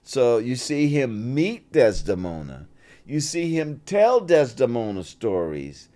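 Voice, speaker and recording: A man's voice: mid-range voice, slow pace. An older man, a guest actor in an interview, telling stories and acting out bits of dialogue. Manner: animated, acts out dialogue in voices. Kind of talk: casual interview storytelling.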